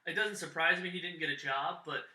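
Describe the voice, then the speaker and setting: A man's voice: on the high side, fairly quick, bright, forceful tone, roomy sound, low-quality recording. A man hosting a casual sports podcast, leading the topics and talking with many fillers. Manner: chatty, leads topics, filler-heavy. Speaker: podcast host.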